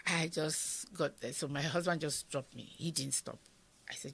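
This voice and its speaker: A middle-aged Nigerian woman with a Nigerian accent, telling a personal story as an interview guest, animated and acting out voices, sometimes dropping to a whisper. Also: low voice, a little fast, vocal fry, slight background noise. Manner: animated, acts out quoted voices, drops to whispers.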